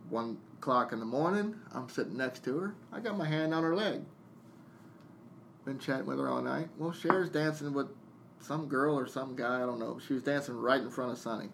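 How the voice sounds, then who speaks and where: A man of middle pitch telling a story on a podcast, blunt and full of swearing. He jumps into both sides of remembered arguments as he talks, with a faint hiss under the recording. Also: creaky. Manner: venting, blunt and profane, jumping into quoted dialogue. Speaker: podcast guest, DJ. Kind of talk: casual storytelling chat.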